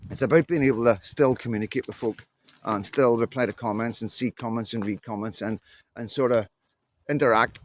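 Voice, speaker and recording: With a mid-range voice and a slightly fast pace, a Northern Irish man in his fifties addresses his camera during a muddy walk. This vlogger's casual monologue is blunt and candid as he drifts from one story to the next.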